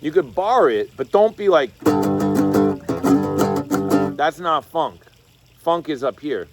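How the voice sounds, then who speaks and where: Teaching guitar over a video call from his home studio, a man speaks slowly in a voice on the high side with big pitch swings. He keeps things chatty and casual, scatting rhythms as he explains chords, while loud guitar plays under his voice.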